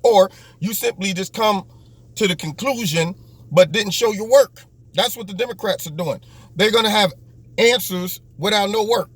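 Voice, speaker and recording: Male host, fairly high voice, sarcastic political monologue with mocking impressions. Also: moderate pace.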